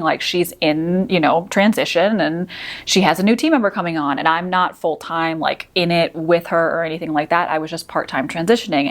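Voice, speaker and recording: A woman with a slightly low voice tells a personal story as a podcast host. She talks casually and reflectively, often filling her sentences with "you know" and "like". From United States. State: teary at moments.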